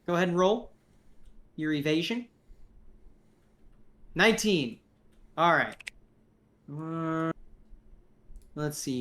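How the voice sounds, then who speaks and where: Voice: medium pitch, a bit bright. A game master running a tabletop combat in a casual, rambling way, reading rules aloud and narrating moves.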